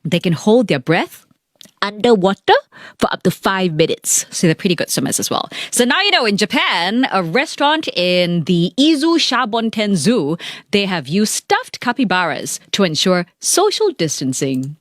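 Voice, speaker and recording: A woman hosting a live radio show, chatting brightly and reading out listener messages from the studio. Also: mid-range voice, big pitch swings, normal speed, no room sound.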